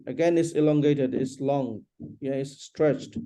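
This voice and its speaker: A man teaching an English lesson one on one, patiently repeating questions and explaining slowly. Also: mid-range voice, steady tone, mellow.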